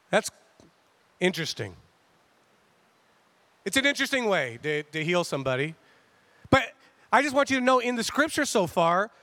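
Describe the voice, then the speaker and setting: A man with a high, bright voice preaches in a relaxed, chatty way, slipping into little acted-out voices for the people in his story. The sound is dry and close. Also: no room sound. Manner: conversational and animated, acting out quotes. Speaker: pastor. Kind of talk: casual sermon.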